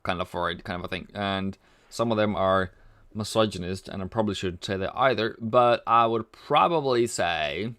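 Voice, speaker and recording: Man, livestream host, casual chat, smooth clear voice, dry close sound. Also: on the low side, moderate pace, a bit bright, dry recording. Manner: chatty, reads viewer comments aloud and jokes around. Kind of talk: casual live-stream chat.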